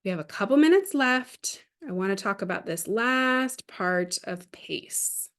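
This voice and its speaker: A woman's voice: medium pitch, expressive, unhurried, a bit bright. A woman giving an online parenting training over a video call, talking in a chatty way with frequent fillers and restarts. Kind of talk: online training talk with storytelling.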